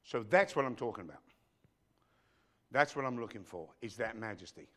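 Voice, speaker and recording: A man preaches to his congregation as their pastor, his voice sitting in an ordinary middle pitch. He is emphatic, sinking to a near hush before swelling back to loud declarations, and often calls out to the listeners directly. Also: expressive, normal speed. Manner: emphatic, swinging between hushed and loud. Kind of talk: sermon. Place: church.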